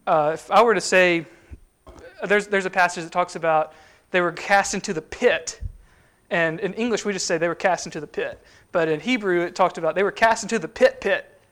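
A man with a fairly high voice preaches in a relaxed, conversational way. He explains a passage step by step, often pausing with fillers and restarting his sentences. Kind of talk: sermon teaching.

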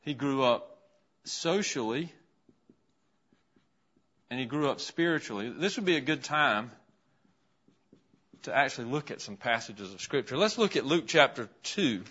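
A man's voice: mid-range voice, expressive, measured pace, pauses often, sharp tone, slightly rough. A man teaching an interactive Bible lesson in a classroom, asking his class questions as he writes a list on the board. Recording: dull, lo-fi classroom recording.

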